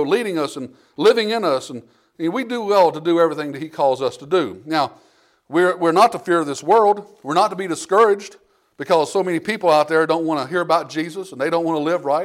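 High-voiced man preaching a conversational sermon. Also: fairly quick. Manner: conversational preaching with frequent restarts and acted-out quotes. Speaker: pastor.

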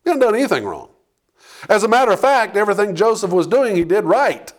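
A man's voice: sits high, very animated, fast talker. A male pastor preaching a sermon in a conversational style, peppering his points with "okay?" and "Amen?" and building in intensity as he exhorts.

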